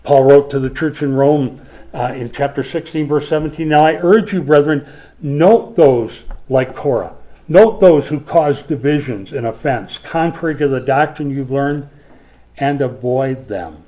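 A man from Minnesota preaching a sermon as a pastor, emphatic and swinging from forceful lines to hushed ones. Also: mid-range voice, unhurried. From Minnesota, USA.

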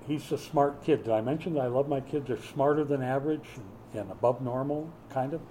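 Middle-aged male pastor, sermon delivery, warm mellow tone, storytelling with humor. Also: mid-range voice, a little fast, a little hiss or hum, poor audio.

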